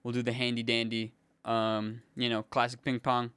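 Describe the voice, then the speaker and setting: A man's voice: mid-range voice, normal speed, noisy background. Laid-back young man talking through beats. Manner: relaxed, slangy, thinking aloud. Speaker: music producer. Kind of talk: casual production tutorial. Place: home music studio. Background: faint synth music playing.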